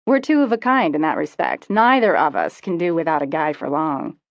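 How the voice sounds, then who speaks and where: A woman voicing a brash, crude teenage girl who teases loudly and bluntly, on a dull, lo-fi recording. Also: low voice, animated, fairly quick, no echo. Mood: pushy. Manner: loud, teasing, blunt.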